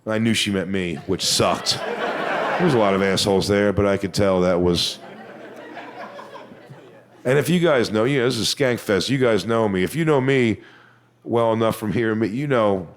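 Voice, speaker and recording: A man doing a stand-up comedy routine, telling a crude story with punchlines that build to shouting. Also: fairly low pitch, moderate pace, pauses often.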